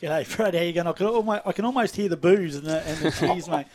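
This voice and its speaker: Middle-aged aussie guy, radio guest, chatty and matey, voice a bit high. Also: fast, darkish tone. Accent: Australian. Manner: chatty, friendly, keeps saying mate. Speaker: football-netball league manager, guest. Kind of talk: casual radio interview.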